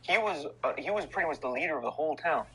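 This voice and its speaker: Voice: medium pitch, animated, pushed and bright, husky, low-quality recording. A speaker explaining and correcting others in a casual debate, with many restarts. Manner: quick to correct, hesitant restarts.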